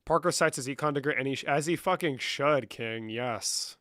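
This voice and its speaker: A man's voice: mid-range voice, fairly even intonation, normal speed, hardly any pauses, a bit bright, dry recording. A young man live-streaming, casually reading chat comments and answering them with lots of swearing. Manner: profane, reads chat aloud and answers.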